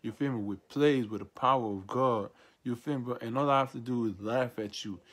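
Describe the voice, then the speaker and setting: Man from Nigeria, self-styled prophet, profane defiant rant to camera, mid pitch. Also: fairly quick, fairly bright tone. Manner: defiant, profane, repetitive ranting with taunting asides.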